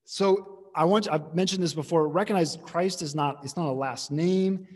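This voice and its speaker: Husky-voiced pastor preaching in a hall. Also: male voice, a little high, moderate pace, darkish tone. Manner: conversational, emphatic teaching with frequent restarts. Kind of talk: sermon.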